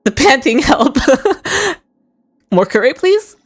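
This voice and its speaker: Excitable low-voiced woman streamer. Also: normal speed, faint music behind. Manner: excitable, shrieks and laughs at lucky rolls; chats with viewers in chat. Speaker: gaming streamer. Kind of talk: live-stream gaming commentary. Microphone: desk microphone.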